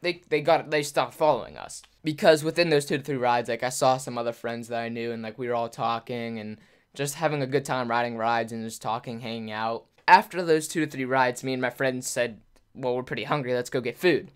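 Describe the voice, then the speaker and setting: A man's voice: medium pitch, fairly quick, clean tone. A young man casually telling a rambling story to his viewers, full of "like" fillers and acted-out quotes. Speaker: YouTuber.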